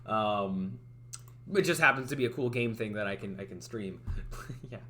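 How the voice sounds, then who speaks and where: A man's voice: on the low side, moderate pace, pushed and bright, slight background noise. A young man chatting casually on a livestream, rambling and hesitant with many restarts and fillers, wearing headphones at a desk mic. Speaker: streamer.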